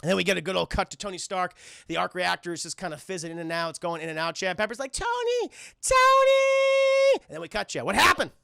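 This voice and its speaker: A man giving a casual, animated scene-by-scene film recap to his live chat, swearing freely and tossing in quick acted-out lines amid plenty of fillers. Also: sits high, gravelly, no room sound, studio quality. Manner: many fillers and restarts. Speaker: film reviewer streaming live. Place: home streaming setup.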